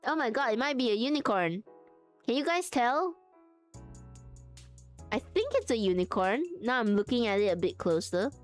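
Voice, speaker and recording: A woman's voice: on the high side, very animated, moderate pace, pauses often. Chatty young woman streaming, faint music behind. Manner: chatty, giggly, thinks aloud while crafting. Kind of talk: casual live-stream chat.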